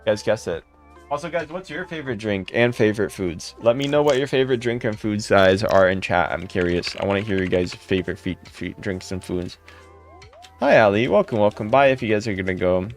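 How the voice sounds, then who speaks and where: A man hosting a casual live stream, thanking and greeting viewers by name in quick upbeat bursts. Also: soft background music. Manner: upbeat, jumps into high excited calls when thanking donors. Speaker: livestream host.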